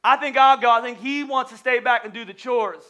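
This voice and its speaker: A woman's voice: fairly high pitch, steady tone, brisk, a bit bright, dull audio, pitched above the performer's own voice, natural voice. A man preaching, voicing a bossy little girl who taunts her brother with a secret.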